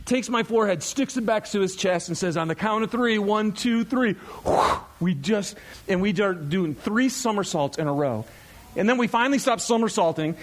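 A man in his thirties, a pastor, preaching in a chatty, animated storytelling way to his congregation. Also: high-pitched, slight background noise.

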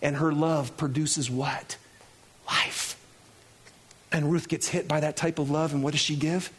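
A man preaching a lively sermon, laughing often and acting out the people in the story. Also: on the high side, unhurried, husky. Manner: animated, laughing, acts out quoted characters. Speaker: pastor.

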